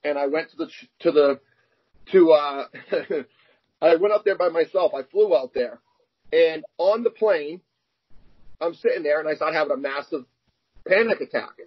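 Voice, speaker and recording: A man's voice: fairly high pitch, moderate pace, pauses often, slightly rough. A young man, an arm wrestler, telling candid personal stories in an interview and acting out the dialogue. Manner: animated, acts out quoted dialogue. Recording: dull lo-fi sound.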